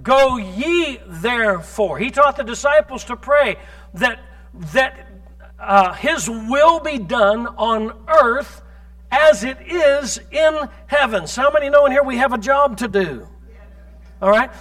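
A male pastor with a strikingly high voice preaches emphatically in church. He fires off scripture and keeps asking the congregation rhetorical questions. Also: measured pace, a bit bright. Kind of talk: sermon.

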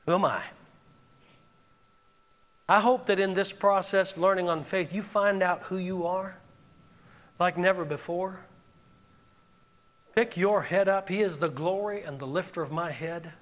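Fervent male preacher, bright and forceful tone, rising to shouts then dropping low. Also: fairly even intonation, measured pace. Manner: impassioned, exhorting, swinging between shouts and hushed tones. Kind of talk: sermon.

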